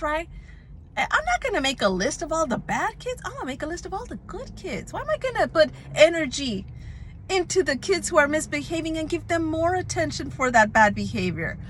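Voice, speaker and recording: A middle-aged woman who works as a substitute teacher, giving casual classroom advice in an animated way and often checking in with "right?". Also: high-pitched, slight background noise.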